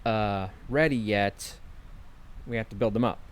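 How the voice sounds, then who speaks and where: A man's voice: lowish voice, a little slow, smooth. A man casually commenting while streaming a video game, playful and chatty, reading his character's lines aloud. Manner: yawning, chatty. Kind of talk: casual let's-play commentary.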